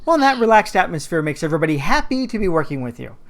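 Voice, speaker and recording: A man's voice: on the high side, sing-song, racing. A male interviewer chatting casually, laughing along and adding short quips. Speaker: interviewer host.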